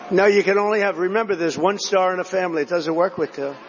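A man's voice: sits high, fast talker, long reverb tail, dull audio, a little hiss or hum. A man giving a rambling, repetitive rally speech, drifting between stories. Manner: rambling, digressive, repetitive storytelling to a crowd. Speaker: political speaker at a rally.

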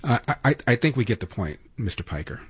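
A man's voice: medium pitch, expressive, fast talker, husky. A male radio talk show host giving opinionated, sarcastic political commentary and taking calls.

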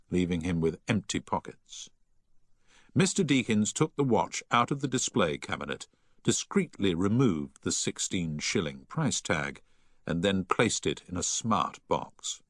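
A man reading a novel aloud as narrator in a measured storytelling manner. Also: deep voice, fairly bright tone, no room sound, clean studio sound. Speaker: audiobook narrator. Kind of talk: scripted narration.

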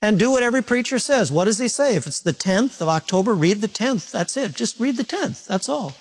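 A man with a high-pitched voice preaches a sermon in a folksy, conversational way. He quizzes his listeners and often stumbles, repeating words as he restarts his sentences. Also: a little fast. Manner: folksy and animated, asking the congregation questions.

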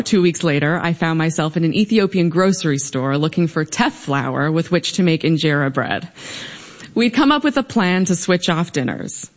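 A young woman telling a humorous personal story on stage before a live audience, in a wry, lively way. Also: lowish voice. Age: young adult.

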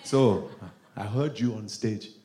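A man's voice: fairly low pitch, slow, voice pushed down. A man doing a suspicious, prying man. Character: suspicious Nigerian man quizzing a friend. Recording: echoey club with crowd noise.

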